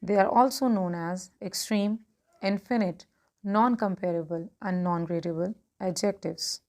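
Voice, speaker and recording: A woman explaining English grammar, going through lists of examples in a clear, measured teaching manner. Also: mid-range voice, darkish tone. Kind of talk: grammar lesson.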